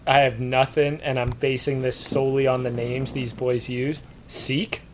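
A man co-hosting a casual podcast, excitable and laughing a lot as he hands segments to his friends. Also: mid-range voice, unhurried, background noise. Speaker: podcast co-host.

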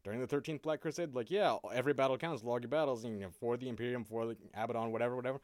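A man's voice: mid-range voice, rapid-fire, no echo, studio quality. A man co-hosting a podcast in casual chat, swearing freely and laughing often as he talks. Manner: profane, animated, laughs often. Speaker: podcast co-host.

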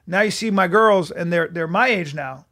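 A man's voice: sits high, normal speed, pushed and bright. A man in his late forties co-hosting a podcast, trading crude, joking banter in casual chat. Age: late 40s. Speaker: podcast co-host.

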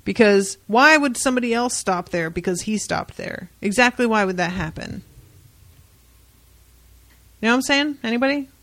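A woman's voice: fairly high pitch, expressive, moderate pace, pauses often, fairly bright tone, dry recording. A young woman co-hosting a casual podcast, retelling a comic story with wry, profane asides and quoted voices. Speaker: podcast co-host. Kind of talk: casual book-club chat.

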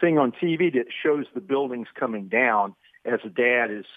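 A man's voice: mid-range voice, animated, normal speed, no room sound. A man calls in to a radio talk show, his voice squeezed thin by a tinny phone line. He rambles along in a folksy, colloquial way, and the line sounds dry with no room around it. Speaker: caller. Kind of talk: casual call-in chat. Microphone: telephone.

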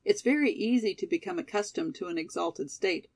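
Brief: talkative sophomore girl, coaxing and chatty, as a woman reader puts her on, a little fry. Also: lowish voice, a little fast, darkish tone, no echo. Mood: persuading. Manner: persuasive, chatty.

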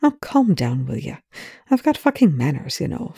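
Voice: mid-range voice, sing-song, moderate pace, vocal fry, warm tone, breathy edge, no room sound, full character voice. A reader doing a dry, sardonic scientist. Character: dry, sardonic male scientist, irritable but amused. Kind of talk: fan fiction reading.

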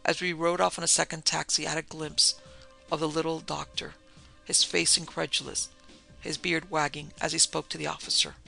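A man narrates a novel in a steady, measured audiobook reading. His voice is gravelly and very bright, pitched somewhat high, with faint music beneath. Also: low-quality recording. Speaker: audiobook reader. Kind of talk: scripted narration.

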